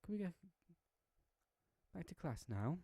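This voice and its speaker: A man voicing a sweet, timid teenage schoolgirl who cries easily, with a high, soft, whimpering voice. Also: sing-song, unhurried, creaky, breathy edge, no echo, exaggerated voice.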